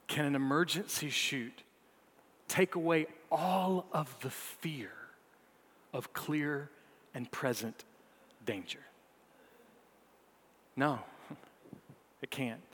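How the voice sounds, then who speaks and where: Pastor preaching in a reverberant hall. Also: male voice. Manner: builds to emphatic peaks, then drops low and soft; playful asides to the congregation. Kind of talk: sermon.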